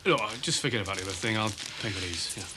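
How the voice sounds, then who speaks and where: An actor playing a hesitant, forgetful customer in a shop, in a soap opera. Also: male voice, lowish voice, animated, racing, noisy background, lightly acted. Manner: hesitant, mumbling.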